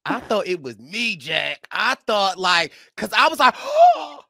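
A man's voice: high-pitched, unhurried, vocal fry, dry recording, studio quality. Man, podcast host, casual recap chat, playful, slangy, swoops up and down a lot. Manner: animated and playful, slangy, acts out his own reactions.

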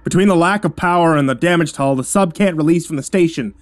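Sarcastic, exasperated male engineer, a narrator puts him on, slightly raised pitch, storybook reading. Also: fast talker, no room sound, lightly acted. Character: sarcastic gruff male engineer, middle-aged.

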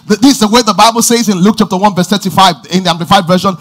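A man preaching a sermon as pastor, emphatic, often shouting and stretching words out, repeating phrases and calling out praise. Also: high voice, fairly even intonation, brisk.

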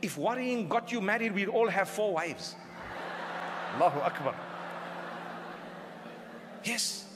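An Islamic preacher delivers a lecture sermon in a hall with long reverb and a noisy background. His high voice is animated but slow, with long pauses, and his humorous, conversational style is packed with rhetorical questions.

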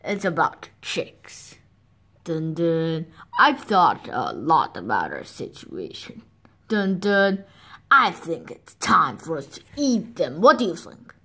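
A woman voicing a gruff, impatient big male wolf in a storybook reading, speaking slowly and threateningly. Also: big pitch swings, bright, forceful tone, full character voice. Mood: menacing. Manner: slow, low and threatening.

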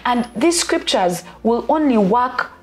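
A woman's voice: fairly high pitch, lively intonation, takes it slowly. A woman co-hosting a casual faith chat, speaking in a preacherly way and quoting scripture often.

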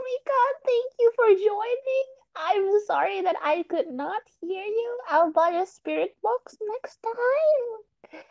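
A woman hosts a casual stream in a very high, lively voice. She talks slowly, giggles and apologizes in confusion. The audio sounds dull and lo-fi. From Indonesia. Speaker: livestream host. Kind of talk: casual livestream chat.

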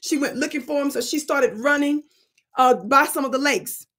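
Woman channel host, high voice, animated and preachy storytelling. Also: moderate pace. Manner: animated and preachy, plays with words. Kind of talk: storytelling commentary monologue.

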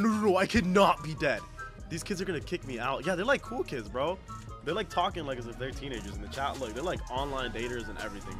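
A young man giving excitable gameplay commentary as a gaming YouTuber, laughing a lot and often calling people "bro". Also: high-pitched.

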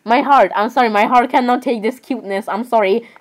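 Rambling young woman with a higher voice. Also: fairly quick, poor audio. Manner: rambling, exasperated, keeps apologizing. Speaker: gaming vlogger. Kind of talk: casual gaming commentary.

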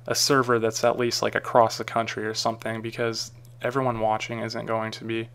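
Man, tutorial narrator; gravelly, smooth tone, loose rambling delivery. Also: lowish voice, monotone, fairly quick, fairly bright tone. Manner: casual, rambling, frequent ums and uhs. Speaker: tutorial maker. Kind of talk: screen-recorded software tutorial.

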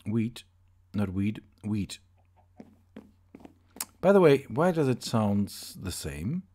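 Mellow-voiced man doing gaming commentary. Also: lowish voice, sing-song, slow pace, slight background noise. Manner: rambling, chatty, self-correcting. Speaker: let's play host.

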